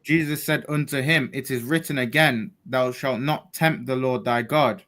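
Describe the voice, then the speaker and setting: A man reading scripture aloud, slow and deliberate. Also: mid-range voice, a bit bright. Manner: slow, deliberate, reading old-style verses. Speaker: scripture reader.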